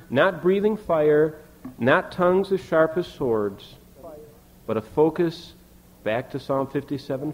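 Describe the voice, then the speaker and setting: Male pastor, earnest sermon delivery, swells on key words, drops soft at line ends. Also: medium pitch, poor audio. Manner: earnest preaching, reading scripture aloud with emphatic rises and soft drops.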